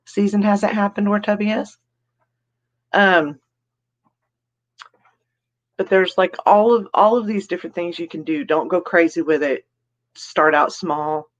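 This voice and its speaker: A woman's voice: lowish voice, steady tone, unhurried, pauses often, highs cut off. Chatty giggly woman live-streaming. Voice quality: giggly, laughs often between remarks. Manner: chatty and rambling, greets viewers by name. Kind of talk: casual live stream chat, reading comments.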